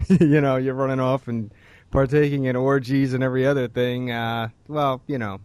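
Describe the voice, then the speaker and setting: Podcast host, male, mid-pitched, rambling casual chat with restarts, dry close mic. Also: moderate pace, clean tone, no echo. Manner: rambling, animated, many restarts.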